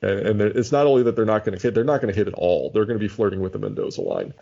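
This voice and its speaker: A man's voice: lowish voice, lively intonation, racing, gravelly, dark tone. A man co-hosting a casual podcast chat, thinking aloud and often restarting his sentences. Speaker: podcast co-host. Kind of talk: casual chat about a baseball sim league. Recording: dull lo-fi audio.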